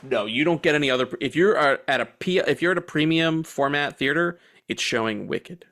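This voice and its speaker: A man's voice: a little high, expressive, a little fast, fairly bright tone. A young man co-hosting a movie podcast, chatting casually and swearing freely, often laughing and acting out quotes in silly voices. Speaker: podcast co-host. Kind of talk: casual chat.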